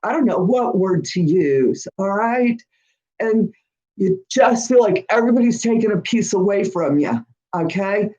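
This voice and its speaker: A woman's voice: mid-range voice, darkish tone, low-quality recording. A woman hosting a live-stream Q&A who reads out viewer comments and talks in a chatty, encouraging way, often checking in with "all right?". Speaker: host of a witchcraft channel.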